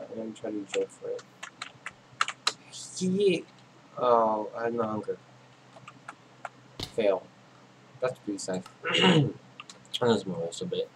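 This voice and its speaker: A man narrating his own video game play in a casual, rambling way, talking to himself, his voice a little hoarse. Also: on the low side, a little hiss or hum, low-quality recording. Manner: rambling, talks to himself while playing. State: losing his voice. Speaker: gaming channel host. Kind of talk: casual gameplay commentary.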